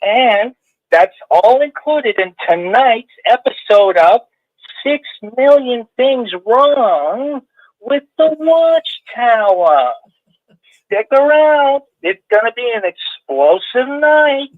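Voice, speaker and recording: A man on a phone call putting on an impression of an overblown male talk-show host, announcing slowly and grandly. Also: extremely high pitch, animated, dry recording, voice pushed up, heavily acted. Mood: hammy. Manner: slow, drawn-out showman announcing. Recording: tinny phone line.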